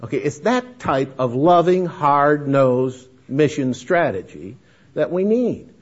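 Husky man giving a folksy mission talk. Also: fairly high pitch, very animated, slow. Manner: emphatic, addresses listeners as folks. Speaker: missions speaker. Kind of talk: folksy lecture to an audience. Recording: dull lo-fi lecture recording.

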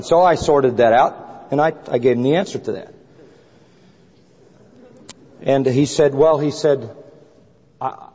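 A man preaches in a storytelling sermon, voicing the people in his anecdote with lively emphasis. His voice is mellow and a little husky. The recording is dull and lo-fi, carried by the long reverb of a big hall. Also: a little high. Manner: animated storyteller acting out dialogue.

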